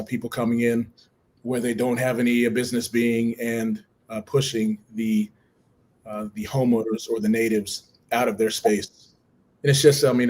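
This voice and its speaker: A man co-hosting a live stream, walking through comic pages in an even tone with many pauses. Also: mid-range voice. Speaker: co-host. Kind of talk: describing comic art.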